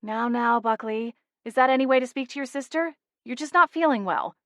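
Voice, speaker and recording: A woman voicing a bold, quick-witted young witch who talks in a brisk, commanding way. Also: fairly high pitch, fairly bright tone, no echo, studio quality, pitched above the performer's own voice, close to an everyday voice.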